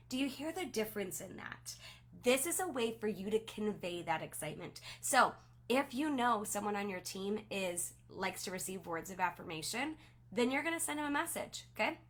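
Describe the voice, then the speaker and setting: A woman's voice: medium pitch, expressive, normal speed, a bit bright. A woman who leads a direct sales team, coaching them in an upbeat, gushing and encouraging way.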